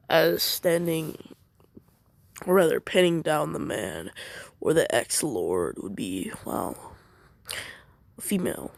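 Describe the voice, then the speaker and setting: A man's voice: a little high, unhurried, gravelly, pauses often, dry recording. Rambling man telling a fan story. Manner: rambling, hesitant, corrects himself mid-sentence; animated, jumping between voices. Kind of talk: improvised fan fiction narration.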